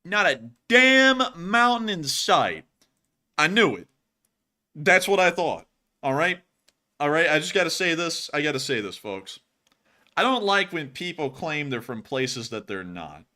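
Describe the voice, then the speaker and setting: A man with a mild drawl chats loosely through a news live stream, joking and rambling as he goes. His voice swings widely in pitch and carries a bright, forceful edge. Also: animated, moderate pace. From Lower Alabama, US. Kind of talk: casual live-stream banter.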